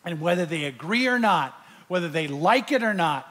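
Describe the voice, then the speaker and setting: A man's voice: sits high, animated, moderate pace, fairly bright tone. A man preaching to a large live audience, telling a story animatedly and acting out his own fright. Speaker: pastor. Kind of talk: sermon with storytelling.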